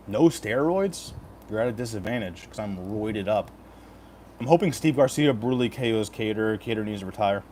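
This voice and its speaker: A man's voice: fairly low pitch, animated, normal speed, pauses often, darkish tone, a little hiss or hum. Joking, profane man in his thirties. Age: 30s. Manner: joking, profane, reads chat aloud. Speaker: betting picks streamer. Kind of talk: casual live-stream chat.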